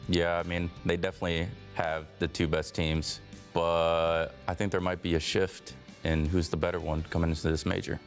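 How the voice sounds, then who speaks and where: A man's voice: low-pitched, little pitch movement, normal speed, soft background music. A man who is a support player in an esports tournament, joking and trash-talking playfully in a casual interview. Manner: teasing, playful trash talk.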